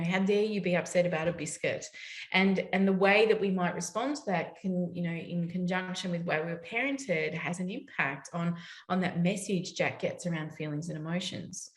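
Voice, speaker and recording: A woman speaking on parenting at a summit, telling stories and acting out the people in them. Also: lowish voice. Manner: lively storytelling, acts out quoted voices. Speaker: parenting educator. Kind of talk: summit talk. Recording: roomy echo.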